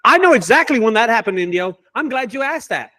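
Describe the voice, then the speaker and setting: A man who owns a junk removal business, telling animated, profane stories in a casual group chat. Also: extremely high pitch, a little fast.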